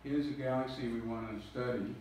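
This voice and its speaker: A man's slightly mellow, mid-range voice moves a little fast with fairly even intonation as he explains lecture slides with self-deprecating humor. Heavy hall echo and distance color the recording, with a faint hiss underneath.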